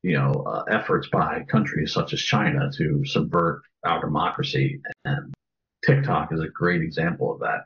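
A man's voice: rumbling low, normal speed, gravelly, muffled recording. A man in his fifties co-hosting a casual chat, rambling and cursing, with many restarts. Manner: rambling, profane, hesitant. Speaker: podcast co-host and drummer.

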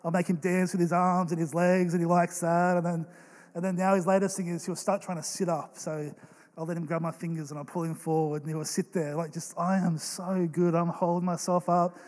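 A young man preaching a sermon as pastor, telling stories in an earnest, animated way. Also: high voice, a little fast. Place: church hall. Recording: long reverb of a large hall.

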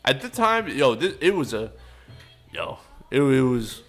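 Young guy telling a crazy story on a podcast, swears a lot, acts out the quotes, some soft music in the back. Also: medium pitch, measured pace. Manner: animated, profane storytelling with acted-out quotes. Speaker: podcast co-host. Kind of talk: casual storytelling chat.

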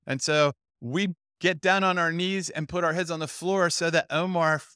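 A man's voice: mid-range voice, bright, forceful tone, no room sound, clean studio sound. A middle-aged man telling a story in a sermon at a youth Bible camp, acting out the quoted voices as he goes.

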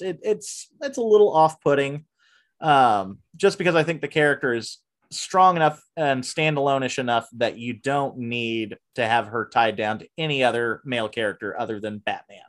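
A man's voice: mid-range voice, moderate pace. Chatty man rambling through a movie review. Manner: rambling, frequent fillers and restarts, animated rants. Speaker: podcast host. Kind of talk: casual movie review chat.

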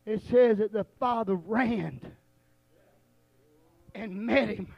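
A male preacher tells a story during a sermon, starting with low storytelling and building up to shouted, drawn-out, repeated lines. His voice has vocal fry, and the recording is dry with dull audio.

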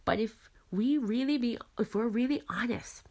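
A woman's voice: a little high, moderate pace, darkish tone. Earnest woman host from the islands. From Caribbean islands. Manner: earnest, reflective, frequent "you know". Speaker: podcast host. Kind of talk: faith-based podcast talk.

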